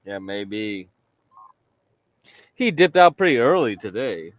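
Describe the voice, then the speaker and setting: A man's voice: fairly low pitch, sing-song, takes it slowly, no room sound. A laid-back man chats and teases his friends on a live stream. His voice swings up and down with plenty of life. The sound is close and dry. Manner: laid-back, teasing, laughs loudly. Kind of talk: casual group chat.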